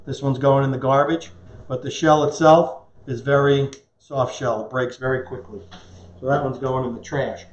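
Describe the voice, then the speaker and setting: A man's voice: mid-range voice, steady tone, moderate pace. A man hosting a casual cooking demonstration in a kitchen, explaining things in a chatty way with small puns. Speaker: cooking show host. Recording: roomy, dull lo-fi kitchen sound.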